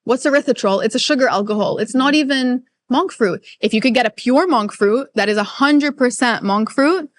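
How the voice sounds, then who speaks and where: A woman's voice: fairly high pitch, normal speed, hardly any pauses. A woman guest nutritionist in a casual interview, talking emphatically and firing off rhetorical questions. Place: Middle East.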